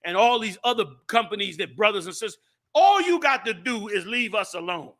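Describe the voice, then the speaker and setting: A man hosting a show and talking in a fiery, preachy way, swinging from loud, shouted points to low asides. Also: expressive, a little fast. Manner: preachy and impassioned, rising to shouts, then dropping low. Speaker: show host and group leader. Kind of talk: fiery casual talk.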